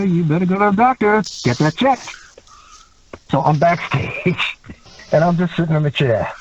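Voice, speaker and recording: A man guesting on a podcast, telling a story with animated delivery, acting out what others said and laughing along. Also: medium pitch. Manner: animated storyteller who acts out quotes and laughs. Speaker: guest, former wrestler. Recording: dull lo-fi sound with faint noise.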